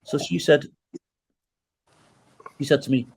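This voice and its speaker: A middle-aged man guesting on a podcast tells a personal story, acting out the quoted dialogue and checking in with the listener along the way. His voice sits on the high side and is slow, gravelly and slightly rough. He's an animated storyteller who tags his lines with "right?".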